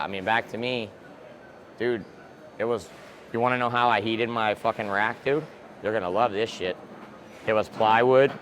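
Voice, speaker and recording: A man's voice: fairly low pitch, a little hiss or hum. A man guest in a casual interview, a reptile breeder who talks bluntly and swears freely, recorded outdoors. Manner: blunt, profane and excitable.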